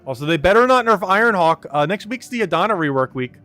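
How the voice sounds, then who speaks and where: A man's voice: sits high, expressive, fast talker, sharp tone, faint music behind. A man streaming a game live, chatting casually, reading and greeting chat, and laughing often.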